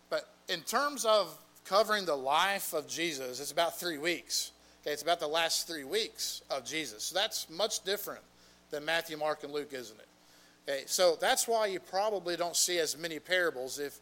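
A man's voice: a little high, pushed and bright, rough recording. A man teaching a Bible class, asking the group questions and repeating their answers, with a frequent "okay".

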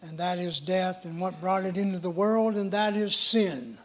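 A middle-aged man preaching a sermon in an earnest, emphatic way, with a measured delivery. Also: high voice, a bit bright, soft background music.

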